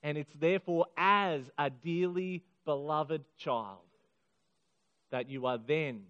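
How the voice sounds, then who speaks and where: A middle-aged man preaching a sermon to a congregation, earnest and emphatic, slowing down on key phrases. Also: high-pitched, fairly bright tone. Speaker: pastor. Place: church hall. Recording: muffled sound in a hall with long reverb.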